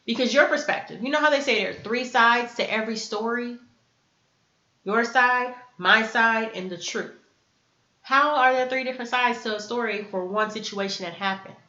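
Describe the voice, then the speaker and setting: A woman's voice: fairly high pitch, moderate pace, sharp tone. Earnest woman teaching in an echoey room. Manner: earnest, acts out sample dialogues. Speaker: self-help video host. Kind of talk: teaching talk to camera. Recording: echoey room, dull lo-fi sound.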